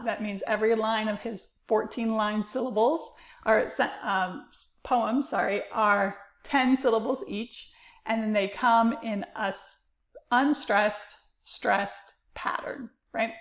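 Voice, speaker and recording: Woman lecturing with a gravelly, echoey voice. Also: medium pitch, steady tone, measured pace. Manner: explanatory, many fillers like uh and um. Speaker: literature teacher. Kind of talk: recorded lecture.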